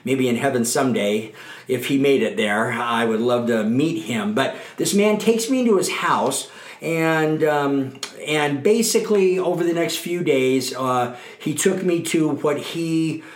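A man's voice: medium pitch, measured pace. A middle-aged man giving a candid, earnest account of his own past in an interview. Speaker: guest. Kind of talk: personal recovery testimony. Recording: roomy echo.

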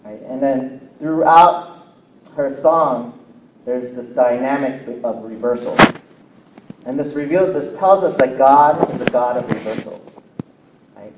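A man preaching a sermon to his congregation, moving from quiet reflection to excited near-shouting and often checking that they follow him. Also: medium pitch, measured pace, long pauses. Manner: asks the congregation for agreement often. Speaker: pastor. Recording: roomy echo, mic at a distance, faint noise.

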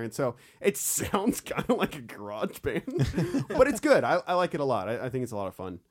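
A man's voice: mid-range voice, moderate pace, few pauses. A man co-hosting a casual podcast, joking about himself and laughing often. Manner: laughs often, self-mocking, animated. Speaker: podcast co-host.

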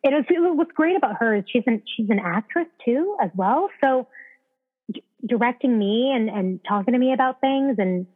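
A woman telling a story as an actress guest in a casual conversation, animated, acting out the voices of people she quotes and restarting her sentences often. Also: fairly high pitch, normal speed. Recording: tinny phone-like line.

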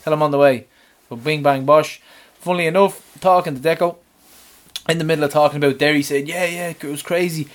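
A man, co-hosting a podcast and animatedly retelling his week, swearing and shouting out the lines he quotes. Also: a little high, fairly even intonation, brisk. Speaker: podcast co-host. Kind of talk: casual storytelling chat.

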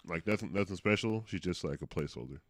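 An easygoing man co-hosting a podcast, dry and unhurried, filling his thoughts with "like". His voice sits very low, and the room sounds dead and close. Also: animated, dry recording. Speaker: podcast co-host. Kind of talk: casual chat.

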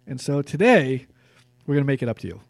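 A man's voice: mid-range voice, very animated, fast talker, creaky, dry recording, clean studio sound. A man co-hosting a sports podcast, chatting casually and reeling off player stats with plenty of fillers.

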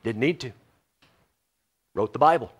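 A man preaching a sermon in a Texan American accent, moving from quiet, low passages to loud, animated ones. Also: a little slow, breathy edge. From Texas. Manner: animated, swings from quiet to loud and laughs often.

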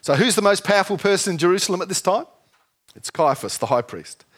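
A man preaching a sermon, lively and jokey, often asking the congregation questions. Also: high-pitched, fast talker. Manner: lively, asks the audience questions, jokey asides.

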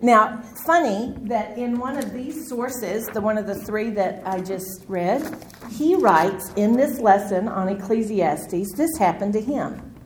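A middle-aged woman leads a women's Bible study with a lively, storytelling manner and a mid-range voice. She acts out her own moments of panic. A faint noise sits beneath the recording. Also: medium pitch, a little slow, poor audio. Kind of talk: Bible study lecture with personal stories.

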